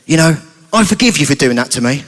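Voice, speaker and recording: A British man voicing a sad, gentle male egg who speaks low and softly. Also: steady tone, very fast, long reverb tail. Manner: low, soft and subdued.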